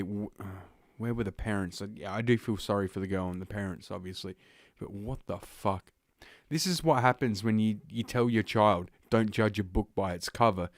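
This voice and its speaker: A man's voice: on the low side, no room sound, studio quality. A man who hosts a podcast, reads news items aloud and breaks off into blunt, profane, scornful rants full of uhs. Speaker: podcast host. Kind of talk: reading news aloud with ranting commentary.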